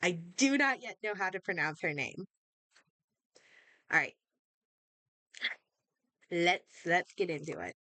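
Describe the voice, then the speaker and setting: Young woman, reaction video host, excitable, rambling, slightly sick, bright tone, dry close mic. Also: lowish voice, slow, long pauses, no room sound. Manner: excitable, rambling with frequent fillers and restarts. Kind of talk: casual reaction commentary. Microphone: desk microphone.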